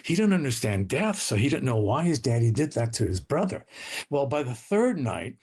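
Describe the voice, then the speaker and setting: A man's voice: sing-song, moderate pace, darkish tone, husky. A man telling his family's story as an interview guest, earnest and dramatic, his voice rising and falling. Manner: earnest, dramatic retelling with shifting pitch.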